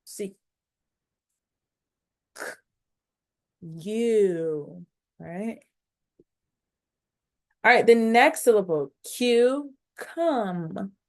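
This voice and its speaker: A woman's voice: mid-range voice, animated. A woman teaching a phonics lesson on video, speaking directly to her learners, sounding out each syllable and encouraging them along. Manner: slow, instructive, sounding out syllables.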